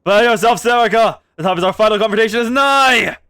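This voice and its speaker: A woman's voice: fairly high pitch, fast, a bit bright, soft background music. A woman voicing a bold, swaggering male warrior with grand declarations, reading game lines aloud. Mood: boastful.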